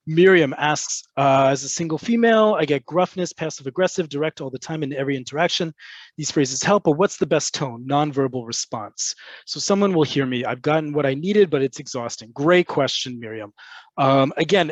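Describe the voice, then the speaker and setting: A man's voice: on the high side, normal speed, no echo. A man teaching a webinar lesson and answering viewers' questions, explaining patiently with frequent fillers. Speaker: Hebrew language teacher. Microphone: computer mic on a video call. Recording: dull, dry webinar audio.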